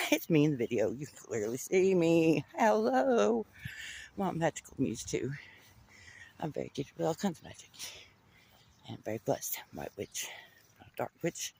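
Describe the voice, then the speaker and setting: A woman's voice: low voice, gravelly, slight background noise. A woman vlogger, telling a rambling personal story in a chatty way, calling the listener honey and swearing freely. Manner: animated, swings from loud to hushed. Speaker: psychic vlogger. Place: inside a U-Haul truck.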